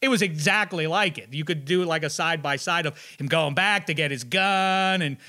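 Man, podcast host, casual chat, rambling, jokey, slightly high, bright and forceful tone. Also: moderate pace. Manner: rambling, joking, does mock accents.

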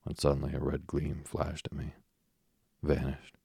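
Very deep gravelly male narrator. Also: no echo, studio quality. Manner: soft, even, unhurried delivery. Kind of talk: slow sleep-story reading.

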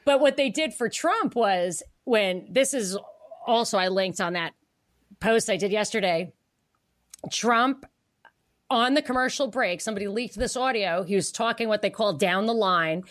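A woman co-hosting a podcast in casual political chat, animated, laughing often and acting out the people she quotes. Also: medium pitch, a little slow. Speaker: podcast co-host.

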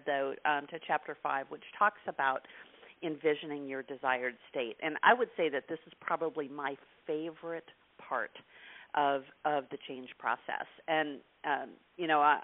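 Chatty interview host over a phone line. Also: male voice, on the high side. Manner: chatty, peppered with "you know". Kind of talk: conversational interview.

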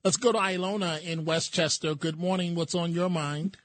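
A man hosting a call-in radio talk show, firm and quick to cut callers off. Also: a little high, steady tone, fairly bright tone, no room sound.

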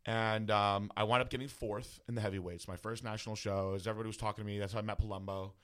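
Male guest, deep voice, candid profane personal story. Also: steady tone, fast talker, a bit bright. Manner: casual, profane, heavy use of filler words. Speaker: guest bodybuilder.

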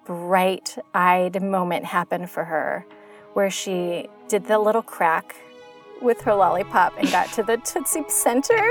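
A woman host in a casual conversation, telling stories with lively energy, laughing often and acting out voices as she recounts dialogue. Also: fairly low pitch, measured pace, soft background music. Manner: animated storyteller, laughs often, acts out her child's voice.

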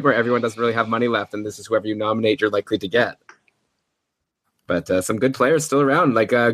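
A man's voice: mid-range voice, fairly bright tone, dry recording. Chatty upbeat man, dry close mic. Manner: chatty, upbeat, quick asides. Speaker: podcast host. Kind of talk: casual commentary on a fantasy hockey draft.

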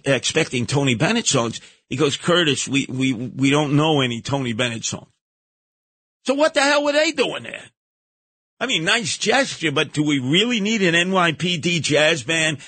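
A man's voice: pushed and bright, no room sound. A man with a New York accent hosting a radio talk show, delivering an indignant, emphatic monologue. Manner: indignant, emphatic, pitch jumps on outrage.

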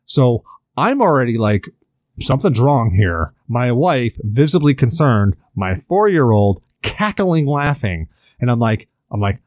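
A man's voice: medium pitch, sing-song, measured pace, no room sound, studio quality. A man in his thirties telling a long anecdote on a podcast, casual and profane, full of fillers and restarts. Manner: rambling, filler-heavy, profane. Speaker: podcast host. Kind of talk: casual storytelling.

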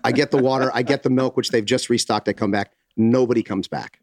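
A man's voice: mid-range voice, fairly even intonation, brisk, dry recording, clean studio sound. A middle-aged man, a podcast co-host, telling a story in casual chat, acting out quotes and swearing freely.

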